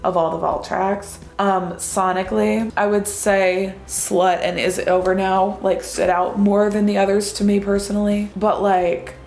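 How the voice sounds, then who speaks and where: A woman with a stuffed-up nose from a cold, gushing as an enthusiastic fan in a casual reaction vlog. Her voice has a gravelly fry, and she sounds roomy and echoey, with faint music underneath. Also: medium pitch, little pitch movement, measured pace, few pauses, a little mellow. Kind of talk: casual chat to camera.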